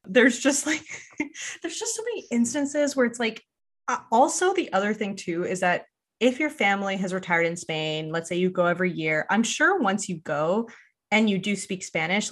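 A woman's voice: mid-range voice, fairly bright tone. A woman from Quebec co-hosting a podcast, chatting casually with many "like"s and frequent laughter. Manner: chatty, lots of "like", laughs often. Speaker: podcast co-host. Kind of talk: casual chat.

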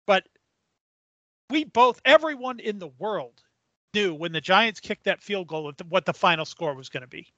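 A middle-aged man co-hosting a casual sports podcast, talking in a measured, thoughtful way. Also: high-pitched, animated, bright, forceful tone, dry recording, muffled recording. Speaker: podcast co-host.

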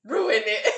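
A woman's voice: on the high side, a bit bright. A young woman co-hosting a podcast, chatting frankly with laughing banter. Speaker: podcast co-host. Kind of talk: casual chat. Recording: echoey room.

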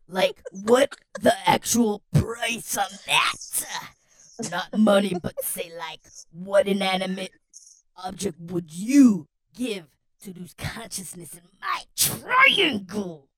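A man's voice: high-pitched, animated, takes it slowly, vocal fry, fairly bright tone, heavily acted. A man speaking through a voice modulator that makes him sound female, doing a jokey impression of his woman cohost in a casual podcast chat. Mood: teasing. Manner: jokey game-show patter. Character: playful woman cohost, chirpy and teasing. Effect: voice modulator making a female voice.

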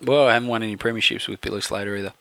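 A man's voice: lowish voice, fairly even intonation, very fast, creaky, a bit bright, no room sound. A man co-hosting a casual sports podcast, blunt and profane with sarcastic banter. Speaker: podcast co-host.

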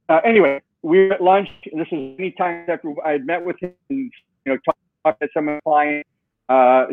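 An interview guest, a software co-founder, tells a long, animated story and acts out the voices of the people he quotes. His voice sits a little high, and the sound is thin and tinny like a phone line, with no room echo.

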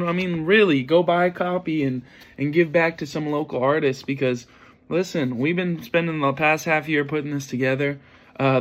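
A slightly high-voiced man hosts his own podcast from a casual home setup. He talks loosely and excitedly, pushing listeners to get on board. His energy swings up whenever he gets keen. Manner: excitable, hypes and pleads with listeners. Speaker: podcast host. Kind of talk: casual self-recorded intro. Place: home setup, planning board behind him.

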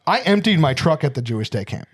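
A man's voice: fairly high pitch, big pitch swings, fast talker, husky, no echo. A man co-hosting a podcast in casual chat, rambling through stories with many fillers. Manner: rambling, filler-heavy storytelling with lots of "like". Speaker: podcast co-host.

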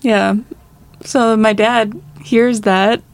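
A woman's voice: on the high side, steady tone, extremely slow, dry recording. A young woman co-hosting a podcast, telling a story in casual chat. She rambles, swears a lot and laughs between phrases. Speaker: podcast co-host.

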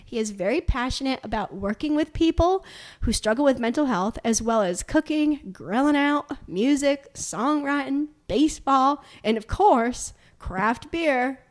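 A young woman in her twenties hosts a relaxed podcast conversation. Her voice sits a little high, and she tends to break into laughter mid-sentence. She keeps things chatty, with a dark sense of humor. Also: unhurried, few pauses. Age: 20s. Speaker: podcast host. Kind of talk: casual podcast chat.

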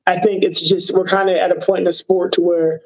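A man's voice: sits high, level tone, brisk, darkish tone, highs cut off. A man, a professional fighter, talking casually in an interview, rambling with many fillers and poking fun at himself. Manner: rambling, self-deprecating, lots of fillers.

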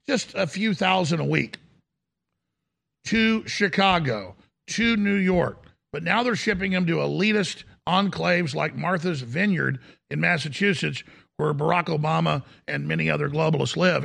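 A man hosting a political talk show, ranting in a heated, forceful, rapid-fire way. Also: on the high side, creaky, husky.

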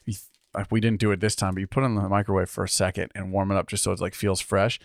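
A man's voice: low voice, level tone, rapid-fire, gravelly, no room sound. Rambling, laughing podcast co-host man. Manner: rambling, laughs often, trails off mid-sentence. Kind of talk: casual chat.

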